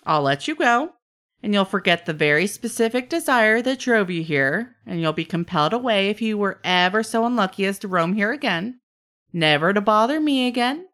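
Trickster spirit, male, playful and bored, played by a woman, smooth voice, teasing drawl. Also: medium pitch, a bit bright, voice pushed up, lightly acted. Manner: teasing, drawn-out, chatty with trailing fillers.

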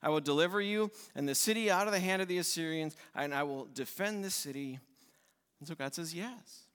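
A man's voice: fairly high pitch, fairly quick, fairly bright tone, clear, resonant tone. A male pastor preaching a sermon with emphatic delivery, repeating key words in lists. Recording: long reverb in a church hall.

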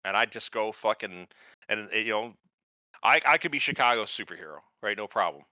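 A man's voice: lowish voice, animated, brisk, pushed and bright, dry recording, lo-fi sound. A man in casual podcast chat, rambling and profane, acting out the voices of people he describes. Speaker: podcast host.

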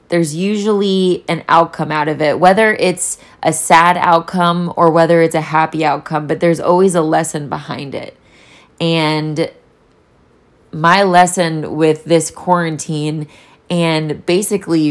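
A young woman talking candidly in a solo vlog, rambling and swearing freely as she reflects. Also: sits low. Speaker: vlogger. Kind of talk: casual solo vlog talk.

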